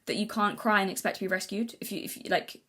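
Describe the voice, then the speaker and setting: A young woman talks to camera in an unscripted, rambling way, often restarting her sentences. Her voice sits at a middle pitch, and she sounds earnest, as if she is working her thoughts out while she speaks. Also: fairly even intonation, fast talker, bright, forceful tone. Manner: rambling, many restarts and self-corrections; earnest, thinking aloud. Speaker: vlogger. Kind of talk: casual unscripted talk to camera.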